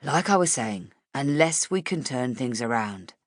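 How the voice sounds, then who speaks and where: A woman voicing an impatient male newspaper editor in an audiobook, brisk and businesslike. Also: rumbling low, animated, no room sound, clean studio sound.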